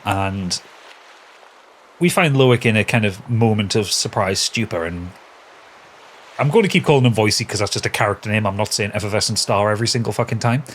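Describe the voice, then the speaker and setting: A man's voice: lowish voice, brisk, a little hiss or hum. A man running a tabletop game as game master, trading teasing, sweary banter with his players. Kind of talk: casual tabletop game narration.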